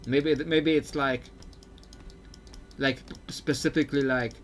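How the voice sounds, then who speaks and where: A man's voice: medium pitch, fairly even intonation, slow pace, soft background music. A man streaming live gameplay commentary, chatty and thinking aloud with frequent fillers. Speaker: streamer playing a video game.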